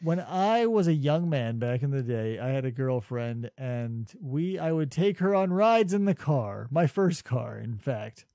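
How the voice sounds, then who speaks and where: A man's voice: medium pitch, expressive, measured pace, few pauses, warm tone, no room sound. A man co-hosting a casual comedy podcast, telling a story with dry, mock-logical reasoning. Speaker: podcast co-host.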